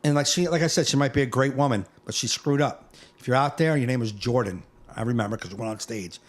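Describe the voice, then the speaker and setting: A man hosting a comedy podcast, telling stories in a lively way, swearing freely and acting out the people in them. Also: mid-range voice, fast. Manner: animated storytelling, swears freely, acts out voices. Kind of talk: casual podcast chat.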